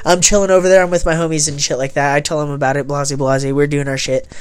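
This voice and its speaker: A young man chatting casually with friends, his voice high for a man. He tells stories loosely and swears a lot. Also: little pitch movement, quick pace, smooth. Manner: swearing, storytelling with laughs. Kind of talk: casual chat.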